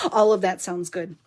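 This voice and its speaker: A husky, darkish, mid-range voice belongs to a woman demonstrating papercraft on a live stream. She chats and giggles with viewers, confessing she's overtired and punchy.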